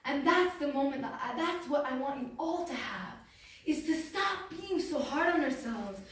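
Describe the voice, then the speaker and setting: A woman's voice: sits high, expressive, moderate pace. A woman speaking earnestly to a group in a question-and-answer session, filling her talk with "like" as she shares personal feelings. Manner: earnest, emotional, lots of "like" fillers. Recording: very echoey room, far from mic, faint noise.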